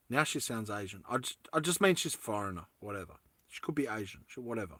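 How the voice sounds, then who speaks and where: A man's voice: lowish voice, big pitch swings, fast, sharp tone, slightly rough, no echo. A man talking to his viewers in a rambling comic monologue, chatty and laughing between thoughts, full of casual slang. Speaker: vlogger.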